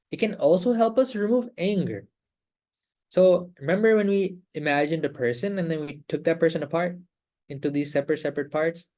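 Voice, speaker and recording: A man leading an online meditation class over a video call, explaining calmly with repeated phrases and rhetorical questions. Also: on the high side. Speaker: meditation teacher.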